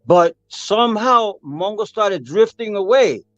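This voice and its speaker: An older man, a percussionist, telling a story with animated energy, acting out voices and singing rhythms. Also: high-pitched, a little slow, no room sound, highs cut off, soft background music. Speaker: percussionist guest. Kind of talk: storytelling interview.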